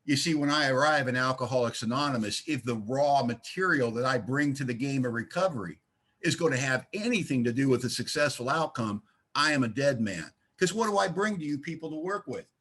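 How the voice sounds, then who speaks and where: A man's voice: medium pitch, animated, a little fast, a bit bright. A man giving an emphatic, folksy share at a recovery meeting, telling his story with blunt humor over a video call. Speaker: speaker sharing recovery story.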